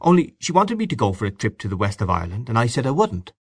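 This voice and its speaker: A man's voice: medium pitch, sing-song, quick pace, husky, no echo, clean studio sound. A man reading aloud and voicing a proud, touchy husband who speaks in a clipped, cool way. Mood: moody. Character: proud, touchy middle-aged husband, curt and moody.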